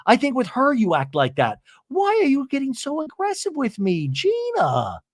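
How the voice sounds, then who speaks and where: A man playing a blunt bossy woman, pushy, high lively voice. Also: unhurried, no room sound, clean studio sound, full character voice. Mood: defensive. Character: blunt bossy woman reality star, confrontational.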